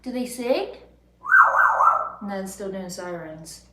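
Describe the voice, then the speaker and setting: A woman's voice: mid-range voice, expressive, slow pace, heavy background noise. A young woman in a room at home, chatting playfully with her pet parrot, giggling often and coaxing it along. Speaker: pet parrot owner and channel host. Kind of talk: casual chat with her pet bird. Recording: roomy echo.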